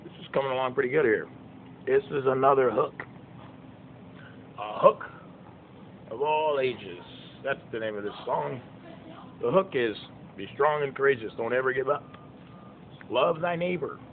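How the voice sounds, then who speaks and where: A man's voice: mid-range voice, normal speed, pauses often. Man in his fifties, emphatic, folksy, informal preaching, tinny phone-like sound, faint car noise. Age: 50s. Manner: emphatic, repetitive, folksy rhetorical questions. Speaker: preacher and songwriter.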